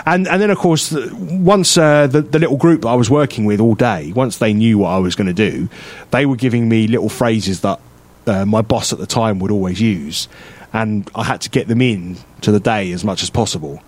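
A man's voice: lowish voice, moderate pace, darkish tone. A man co-hosting a radio show, telling a rambling anecdote in casual chat, full of fillers and restarts. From England. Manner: rambling anecdotal storytelling with frequent fillers and laughs.

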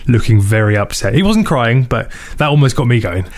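A man's voice: mid-range voice, expressive, brisk. A man co-hosting a radio chat show, chatting casually with dry, understated quips.

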